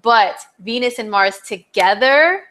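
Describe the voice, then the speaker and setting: A woman's voice: fairly high pitch, lively intonation, slow, a bit bright. A woman astrologer hosting a live stream, chatting casually and bubbly, often laughing as she answers viewers. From not from New Jersey.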